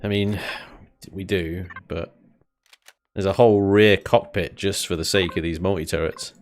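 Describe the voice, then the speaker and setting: A man's voice: sits low, steady tone, measured pace, slight background noise. A man chatting casually while live-streaming a building game, thinking aloud and chuckling often.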